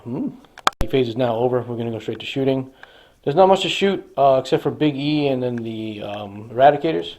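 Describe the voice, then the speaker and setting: A man's voice: medium pitch, fast talker, gravelly, dark tone. Enthusiastic man narrating a tabletop battle. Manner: enthusiastic, dramatizes the action. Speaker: hobby wargamer. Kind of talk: casual battle report narration.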